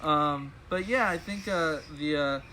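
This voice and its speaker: Laid-back rambling man, bright voice. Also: a little high, a little slow, a little hiss or hum. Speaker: studio musician and producer. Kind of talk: casual interview talk.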